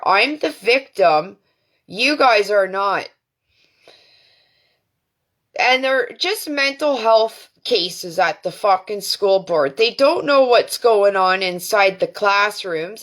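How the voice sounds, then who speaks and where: A woman's voice: mid-range voice, a bit bright. A Canadian woman hosting a live stream, ranting in a profane, defiant way with many fillers. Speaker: livestream host. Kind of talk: angry livestream rant. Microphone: phone or webcam on a live stream.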